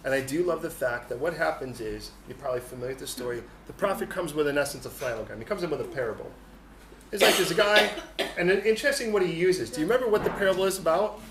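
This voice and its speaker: A male pastor giving a humorous, animated sermon in a church hall. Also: fairly high pitch, fast talker. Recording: echoey hall, faint noise.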